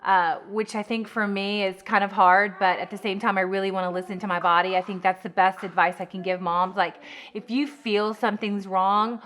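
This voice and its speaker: A pregnant woman vlogging to camera in a chatty, fast, filler-heavy way, a little out of breath. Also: medium pitch, fairly even intonation, fairly bright tone, slight background noise. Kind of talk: casual chat to camera.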